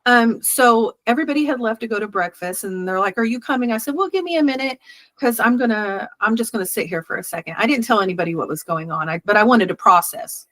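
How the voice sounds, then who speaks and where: Woman guest telling her story, kinda high voice, laughs a lot, acts out what people said, dry close sound. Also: quick pace, no echo. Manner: animated, laughs often, acts out quoted voices. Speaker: interview guest. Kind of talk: storytelling in a casual interview.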